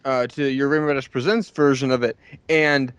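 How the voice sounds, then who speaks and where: A man on a podcast asking a long question, hesitant and full of pauses. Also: medium pitch, fairly even intonation, a bit bright, smooth. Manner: hesitant, many ums and restarts. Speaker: podcast co-host. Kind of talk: casual chat, asking a question.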